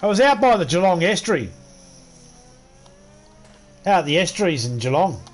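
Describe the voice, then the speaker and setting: A man's voice: sits high, big pitch swings, normal speed. A man with an Australian accent hosting a gaming livestream, telling stories in a crude, swearing, joking way. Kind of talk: casual storytelling chat.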